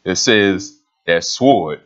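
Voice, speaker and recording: A man's voice: low voice, animated, extremely slow, fairly bright tone, dull audio. A man preaching a sermon in an emphatic, conversational way, reading scripture aloud and explaining it.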